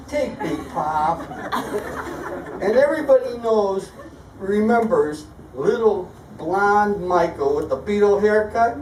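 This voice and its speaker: A man's voice: high voice, a little hiss or hum. Older man giving a rambling wedding toast. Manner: folksy storytelling. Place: wedding reception hall. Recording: roomy hall, far from the mic, crowd. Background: guests laughing and chatting.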